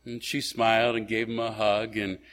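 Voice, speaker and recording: A man's voice: fairly low pitch, flat delivery, moderate pace, a bit bright. A man preaching a sermon as a pastor, talking conversationally with frequent hesitations, restarts and rhetorical questions.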